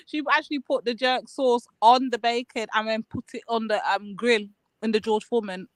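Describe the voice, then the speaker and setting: High teasing man, dry sound. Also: a little slow, dry recording. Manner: teasing, chatty. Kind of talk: casual live chat.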